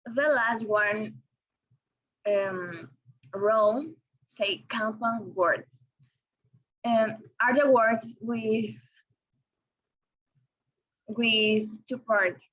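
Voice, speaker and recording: Woman, class presentation, slow, hesitant, dull recording. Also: on the high side, a bit bright. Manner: slow and careful, with frequent ums and restarts.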